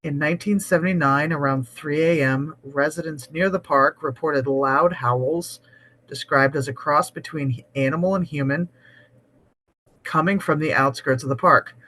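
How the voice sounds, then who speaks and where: A woman's voice: low-pitched, normal speed, fairly bright tone, slight background noise. A woman from New England co-hosting a podcast, chatting casually, joking and laughing, and reading a post aloud. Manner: giggly, joking, swears casually. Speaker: podcast co-host.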